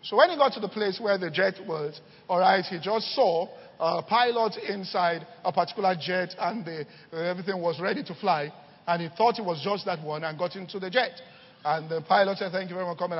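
A man's voice: high-pitched, slightly rough, big-room sound, dull audio. A male pastor preaching a sermon, telling stories and often checking in with "all right" and "okay".

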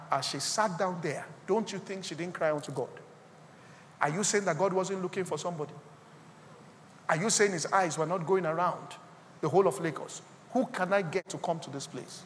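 A man with a Nigerian accent preaching a sermon as pastor, swinging from quiet asides to loud, rising exclamations. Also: high voice, long reverb tail, slight background noise. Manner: preaching with sudden loud rises and quiet drops.

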